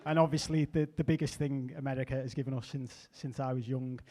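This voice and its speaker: A middle-aged man performing a stand-up comedy set, chatty with deadpan asides and small restarts. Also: mid-range voice, brisk, background noise. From England.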